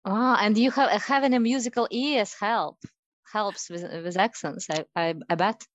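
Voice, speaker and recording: A woman's voice: mid-range voice, normal speed, no echo, highs cut off. A woman from Ukraine whose first language is Russian, chatting as a guest in English with a Russian accent and a hesitant manner full of restarts. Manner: hesitant, many restarts and fillers. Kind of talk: casual chat.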